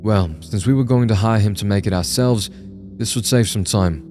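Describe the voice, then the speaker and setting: A man voicing a menacing creature gang leader in a low, threatening voice. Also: normal speed, darkish tone, soft background music, close to an everyday voice.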